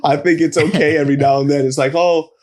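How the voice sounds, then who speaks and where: A man's voice: on the high side, steady tone, fast talker, a little mellow. A man co-hosting a podcast in casual chat, joking and teasing. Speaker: podcast co-host.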